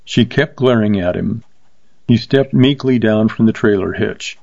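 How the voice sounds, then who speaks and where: A man narrating a short story in a steady, measured reading voice. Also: on the low side, no room sound, dull audio. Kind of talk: scripted narration.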